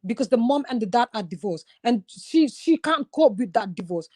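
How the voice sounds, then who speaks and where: Speaking at a moderate pace with lively intonation, this Gambian woman has a fairly high but dark-toned voice. As a guest, she confides her personal experiences openly and earnestly in relaxed conversation.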